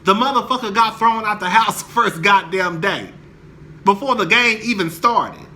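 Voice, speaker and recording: A man's voice: high-pitched, expressive, moderate pace, sharp tone, a little hiss or hum. A young man angrily ranting about a reality TV show, heated, profane and emphatic. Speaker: commentator. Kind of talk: angry reality TV rant to camera.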